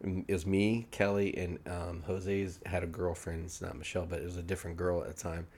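Here a low-pitched man hosts a laid-back podcast, trading stories with friends at a brisk pace. Animated and quick to laugh, he performs the quotes himself, and there's a little hiss or hum in the recording.

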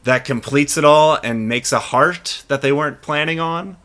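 A man's voice: fairly high pitch, moderate pace, a bit bright. A man hosting a casual podcast chat, joking and delivering a mock-earnest closing segment. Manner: jokey, mock-earnest sign-off. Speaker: podcast host.

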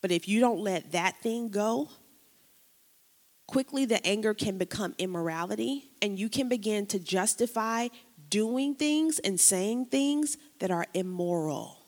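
A woman pastor delivers a sermon in a church hall, her voice trailing off into a long reverb. She moves easily from lively preaching to casual slang and hushed personal stories. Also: medium pitch, measured pace.

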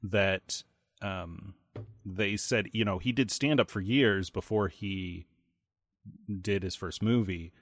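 A man's voice: low-pitched, slow pace, no room sound, clean studio sound. A man co-hosting a podcast, chatting casually in an easygoing, storytelling way. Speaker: podcast co-host. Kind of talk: casual chat.

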